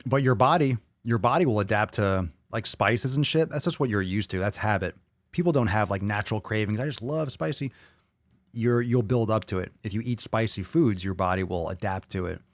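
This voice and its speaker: A man's voice: fairly low pitch, brisk, no echo. A man hosting a podcast, reading viewer comments aloud and reacting to them bluntly, with a lot of swearing. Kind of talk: casual chat.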